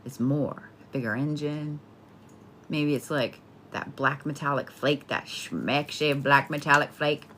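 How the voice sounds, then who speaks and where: A woman's voice: low voice, steady tone, a little slow, a bit bright, a little hiss or hum. A woman giving a casual spoken horoscope reading, talking bluntly and playfully with plenty of swearing. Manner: blunt, profane, chatty, playful. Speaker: tarot and astrology reader.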